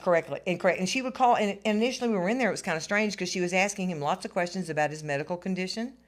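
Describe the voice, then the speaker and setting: A woman in her sixties giving an emotional interview, animated and repeating herself as her voice rises. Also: lowish voice, racing. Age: 60s.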